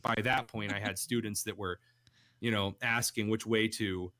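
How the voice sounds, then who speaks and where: A young man hosting a radio talk show, telling funny stories with lively shifts of voice. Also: moderate pace. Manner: animated storyteller, jumps pitch for quoted voices. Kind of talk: casual radio chat.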